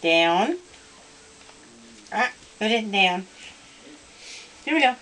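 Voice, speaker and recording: A woman's voice: a little high, huge pitch swings, extremely slow, pauses often, fairly bright tone, slight background noise. A woman training her young puppy at home indoors, giving short commands and cheerful sing-song praise as she coaxes it. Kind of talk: coaxing talk to a puppy.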